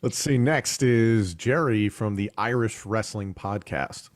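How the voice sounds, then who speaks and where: Lower-voiced male moderator, brisk. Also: dry recording, studio quality. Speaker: host, moderator. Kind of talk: moderating a press call.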